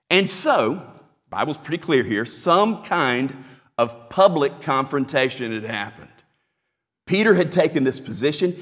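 A man's voice: medium pitch, fairly bright tone. A man preaching a sermon as pastor, explaining a passage with emphatic repetition. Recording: long hall reverb.

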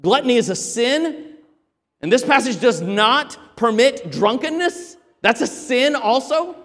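A man preaching a sermon as pastor, emphatic, with sudden loud exhortations. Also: extremely high pitch, animated, measured pace, in a large hall.

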